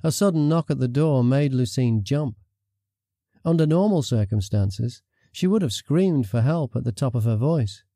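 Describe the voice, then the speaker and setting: An audiobook narrator reads a fantasy story, a scripted narration delivered by a man in a measured, even manner. His voice sits in the mid-range, and the recording is dry and of studio quality.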